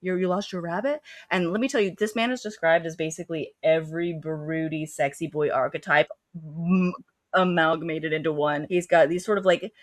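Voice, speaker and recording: Casting: sarcastic woman podcast host, lowish voice, dry close sound. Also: steady tone, dry recording. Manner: chatty, sarcastic, quick to act out scenes. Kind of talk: casual book review chat.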